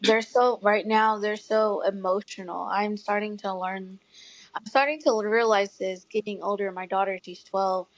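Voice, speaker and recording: A woman in her thirties telling her story as an interview guest, earnest and tearful at times, with soft laughs. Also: medium pitch, steady tone, normal speed, dry recording, poor audio. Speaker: guest parent advocate. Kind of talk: emotional personal storytelling.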